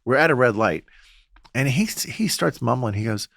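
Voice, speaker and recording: A man, a Catholic priest, telling stories in a relaxed podcast conversation and acting out the voices he quotes. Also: mid-range voice, moderate pace, vocal fry, no room sound, studio quality. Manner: storytelling, acts out quoted voices. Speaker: Catholic priest and exorcist guest.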